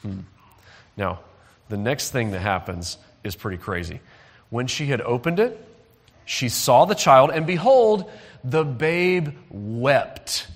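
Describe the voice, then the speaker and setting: Lively man preaching to children. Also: mid-range voice, slow pace, big-room sound. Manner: lively, asks the audience to call out and join in. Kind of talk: animated Bible story for children.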